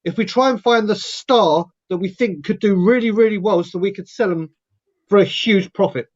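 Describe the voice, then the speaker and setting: A man's voice: high voice, normal speed. A man on a casual live-stream panel, delivering long, emphatic rants and acting out what others might say. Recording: dull, lo-fi sound.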